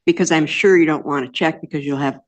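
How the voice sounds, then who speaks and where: An older woman speaking as a defendant in court, earnest and rambling, with soft hesitations. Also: sits low, fast. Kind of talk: courtroom testimony.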